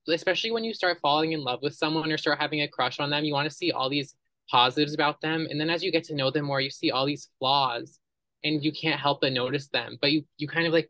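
A man's voice: a little high, a little fast, pushed and bright, no room sound, low-quality recording. A young man co-hosting a casual music podcast, talking in an effusive, gushing way. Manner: effusive, gushing, quotes lyrics aloud. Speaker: podcast co-host. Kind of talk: casual chat.

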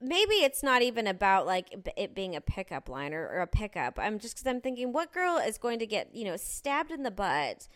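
A woman's voice: medium pitch, normal speed, hardly any pauses. A woman telling a story in casual chat, acting out what people said to her. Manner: animated storytelling, acting out quotes.

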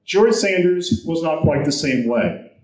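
A man's voice: on the high side, lively intonation, a little slow, echoey room, low-quality recording. A man speaking to an audience, telling film history anecdotes and acting out the quoted voices as he goes. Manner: storytelling, acts out quoted voices.

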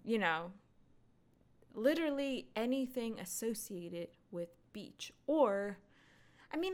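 A young adult woman hosting a podcast, talking casually in a rambling, animated way with lots of fillers and laughs into a microphone. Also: medium pitch, clean tone. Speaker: podcast host. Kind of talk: casual solo chat.

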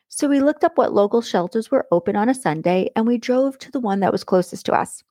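A woman's voice: fairly high pitch, lively intonation, fairly quick, mellow, no echo, clean studio sound. A middle-aged woman hosting a podcast and telling a personal story in a chatty, blunt way, laughing often. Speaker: podcast host. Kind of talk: casual storytelling monologue.

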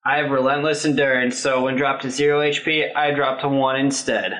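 A man's voice: medium pitch, level tone, fairly quick, a bit bright, rough recording. A man playing a tabletop game in cocky, sweary banter with friends. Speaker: player. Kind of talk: casual tabletop game chat.

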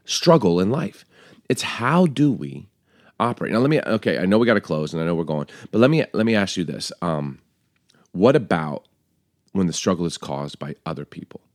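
Man, very low voice, lively swings in pitch, earnest podcast co-host, dry close sound. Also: moderate pace, no room sound. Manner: animated, laughs often, earnest. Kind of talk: casual chat and poem reading.

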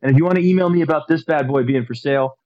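A man's voice: fairly high pitch, racing. A man in casual podcast chat, rambling and hesitant, with many fillers. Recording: slightly dull lo-fi sound.

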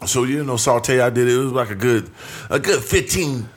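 A man's voice: medium pitch, normal speed. A young man casually telling a profane, slang-heavy story on a podcast.

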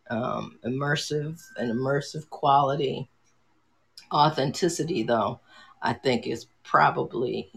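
A husky, middle-aged woman with a bass voice chats with a friend on a podcast in a loose, rambling way. She hesitates, circles back and restarts sentences, filling them with ums.

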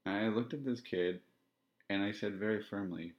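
Deep-voiced reflective man. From Canada. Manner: reflective, halting, candid. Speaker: podcast host. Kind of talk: personal storytelling monologue. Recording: dull lo-fi sound.

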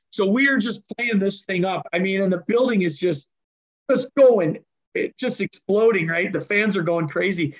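A man, a hockey coach and general manager, telling stories as a guest in an interview and lively acting out the people in them. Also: sits high, normal speed, lo-fi sound. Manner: animated, acts out voices while telling stories. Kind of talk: conversational interview storytelling.

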